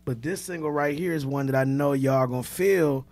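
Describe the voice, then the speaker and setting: A man's voice: on the high side, moderate pace, a little mellow. A man hosting a podcast, rambling casually through the sign-off with lots of fillers. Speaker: podcast host. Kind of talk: casual chat.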